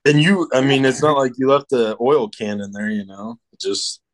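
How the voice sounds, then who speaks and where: A man's voice: mid-range voice, moderate pace. A man telling a story with his hunting buddies in casual chat, rambling with lots of restarts. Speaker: hunting buddy.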